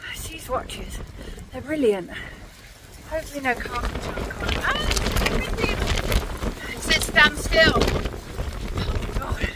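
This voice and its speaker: A woman in her forties, out of breath, talking candidly into a handheld phone while she climbs a windy hill, with sighs and pauses between phrases. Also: high-pitched. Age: 40s. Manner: chatty and candid, pausing to sigh and catch breath. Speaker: vlogger. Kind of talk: casual talk to camera while walking. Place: outdoors on a windy hillside. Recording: wind noise on a phone mic outdoors.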